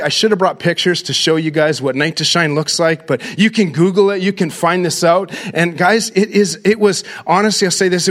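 A middle-aged man, a pastor giving an energetic, story-driven talk to a church crowd and calling them "guys". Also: on the high side.

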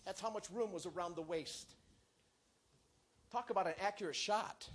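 A man preaching a sermon, telling a story with great animation and acting out the characters, sometimes shouting and sometimes whispering. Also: high-pitched, moderate pace.

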